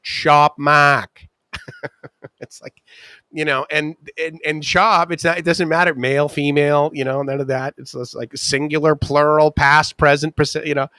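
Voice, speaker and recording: Chatty middle-aged male streamer; bright tone, dry close mic. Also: fairly high pitch, flat delivery, no echo. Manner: chatty storyteller, quick asides and laughs, acts out voices. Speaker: live stream host. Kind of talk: casual rambling chat. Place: ocean-view bungalow.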